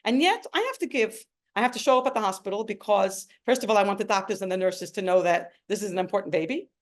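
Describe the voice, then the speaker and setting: A woman's voice: mid-range voice, expressive, fast. A middle-aged woman, telling her personal story in an earnest, emotional way. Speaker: speaker sharing a personal story. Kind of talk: personal testimony talk. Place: home.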